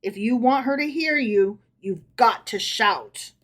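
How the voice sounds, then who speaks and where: A woman's voice: fairly high pitch, expressive, slow pace, fairly bright tone, heavily acted. Woman reading as a sly jester. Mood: confiding. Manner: wry, innocent-sounding. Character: sly grown male jester and prankster.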